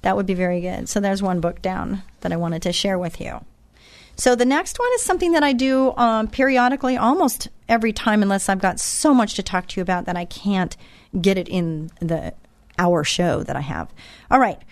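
A woman's voice: mid-range voice, lively intonation, no room sound. Chatty woman hosting a faith radio show. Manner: chatty, self-described fast talker, asides to listeners.

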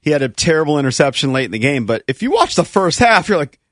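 A man co-hosts a sports chat, his voice sitting a little high. He lays out his points steadily. The sound is close and dry. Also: very animated, fast talker, no echo.

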